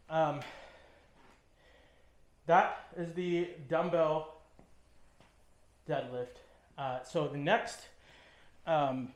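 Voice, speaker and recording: A man coaching a workout in a gym, his voice bouncing off the room around him. He sits a little high for a man and talks in short cues while he lifts, with plenty of ums between them. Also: drawn-out words, long pauses, reverberant. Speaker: fitness trainer. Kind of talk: instructional demonstration. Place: gym, indoors.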